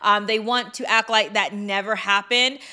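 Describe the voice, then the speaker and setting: A woman giving casual commentary on a vlog, chatty with quick asides and lots of fillers. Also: medium pitch, steady tone, pushed and bright, smooth. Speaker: commentary vlogger.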